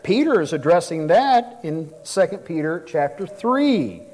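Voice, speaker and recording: A man's voice: on the high side, very animated, measured pace, hardly any pauses, darkish tone, poor audio. A middle-aged man preaching a sermon, asking rhetorical questions and reading scripture aloud.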